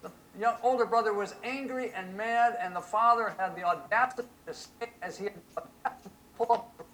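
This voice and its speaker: A male pastor preaching a sermon in an animated way, often asking the congregation rhetorical questions. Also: high voice, fairly quick, slight background noise, poor audio.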